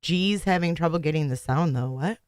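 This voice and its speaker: A woman's voice: deep voice, a little fast, darkish tone, dry recording, clean studio sound. A woman hosting a livestream, chatting casually and joking with her viewers. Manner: chatty, joking, laughs often. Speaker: livestream host.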